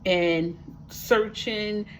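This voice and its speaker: A woman's voice: medium pitch, fairly even intonation, extremely slow, a bit bright, a little hiss or hum. A woman speaking to her viewers in a personal testimonial, talking emphatically, repeating words for effect and dropping folksy asides. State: living with a disability, wheelchair user. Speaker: vlogger sharing her life with a disability. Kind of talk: personal testimonial talk to camera.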